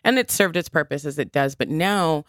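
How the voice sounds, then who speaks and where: A woman's voice: low voice, expressive, moderate pace, no room sound, clean studio sound. A woman in her thirties chatting candidly and bluntly on a podcast, laughing often. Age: 30s. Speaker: podcast co-host. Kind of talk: casual chat.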